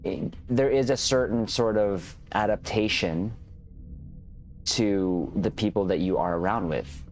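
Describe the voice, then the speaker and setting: A man hosting a livestream chat, talking in a relaxed, conversational and reflective way. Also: on the low side, measured pace, faint music behind. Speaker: host.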